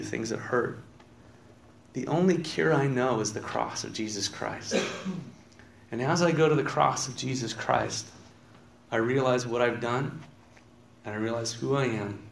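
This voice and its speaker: A man's voice: medium pitch, vocal fry, a little hiss or hum. A man preaching a conversational sermon in a church, reading scripture aloud and asking his congregation questions. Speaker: pastor. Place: church sanctuary.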